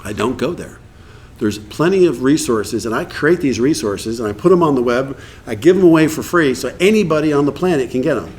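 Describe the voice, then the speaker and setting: A man's voice: mid-range voice, lively intonation, brisk, a little mellow. Candid fiftyish man telling his story. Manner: candid, humorous, blunt; acts out quoted dialogue. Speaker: recovery meeting speaker. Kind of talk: casual storytelling talk to an audience.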